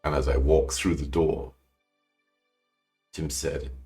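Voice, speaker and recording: A man with a very low, deep voice tells a personal story as a podcast guest. He is emotional and animated, leaping up in pitch when he acts out what people said, and he often breaks off and restarts his sentences. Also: slow, faint music behind. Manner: animated, acts out quoted lines with big pitch jumps. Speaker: guest calligrapher.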